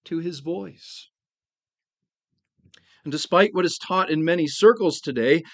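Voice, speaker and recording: Earnest pastor with a fairly high voice. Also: male voice, no echo. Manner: earnest, slows down to stress key phrases. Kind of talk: sermon.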